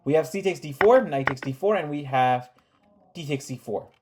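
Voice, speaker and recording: Chess recap host, mid-pitched, sarcastic, scolding, reads move lists fast. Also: animated, noisy background. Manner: sarcastic, scolding the players with rhetorical questions; calls out moves in rapid lists. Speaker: chess commentator. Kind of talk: chess game recap commentary.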